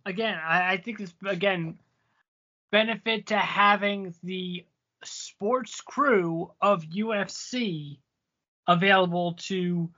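A man in a casual wrestling chat, speaking haltingly and restarting his sentences. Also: high-pitched, pushed and bright. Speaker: podcast co-host. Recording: dull lo-fi audio.

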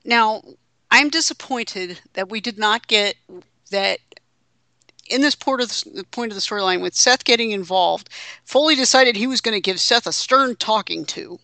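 A woman's voice: a little high, moderate pace, pushed and bright, no echo. A woman co-hosting a casual wrestling podcast, wry and teasing. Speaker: podcast co-host.

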